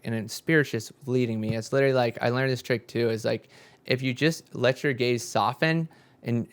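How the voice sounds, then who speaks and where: Smooth and mid-range, this young man's voice carries a rambling spiritual story, peppered with swearing and animated impressions of himself and his friends. He creates spiritual content. No room sound is present.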